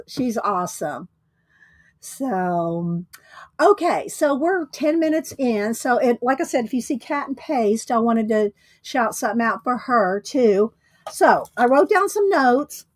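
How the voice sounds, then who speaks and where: A woman hosts a casual livestream, chatting with viewers and laughing often. Her voice sits a little high. The sound is close and dry, with no room echo. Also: animated, takes it slowly. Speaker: livestream host.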